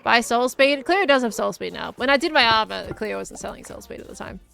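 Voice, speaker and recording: Higher-voiced woman rambling and giggling while she games, light music behind. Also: lively intonation, fairly quick, vocal fry, pushed and bright. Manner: chatty, giggly, thinking aloud. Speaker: gaming streamer. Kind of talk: casual commentary while playing.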